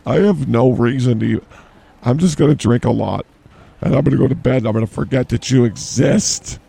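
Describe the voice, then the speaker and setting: A man co-hosting an improvised comedy podcast in a grocery store, rambling deadpan and trailing off mid-sentence. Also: medium pitch, normal speed, gravelly, breathy edge. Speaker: podcast co-host.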